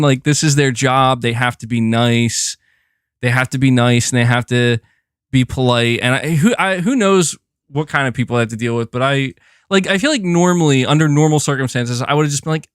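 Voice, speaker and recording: A man's voice: mid-range voice, clear, resonant tone, no room sound, studio quality. A young man streaming from home, chatting casually and ranting with exasperation. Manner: animated, exasperated ranting with laughs. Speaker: gaming streamer. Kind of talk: casual live-stream chat. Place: home room.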